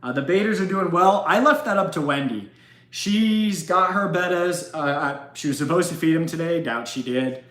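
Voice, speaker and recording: A man's voice: on the high side, expressive, normal speed, fairly bright tone, echoey room. A man hosting an aquarium channel in casual livestream chat, emphatic and chatty with frequent restarts.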